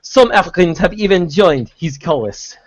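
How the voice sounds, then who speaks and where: A man's voice: high voice, lively intonation, normal speed, no room sound, voice pushed up. A man doing a hammy fake French accent. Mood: mocking. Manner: over the top, obnoxious. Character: pompous writer with a deliberately bad fake French accent.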